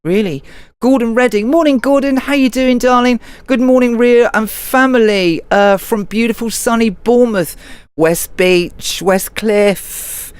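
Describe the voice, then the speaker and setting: Lady hosting a live show, chatty, calls everyone darling, mid pitch. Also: clean tone, no room sound. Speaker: livestream radio host. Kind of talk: casual chat reading out live comments.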